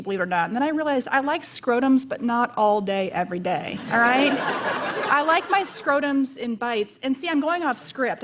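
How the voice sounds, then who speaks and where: A woman in her thirties giving a conference keynote talk in a chatty, joking, self-deprecating way. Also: fairly high pitch. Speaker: keynote speaker.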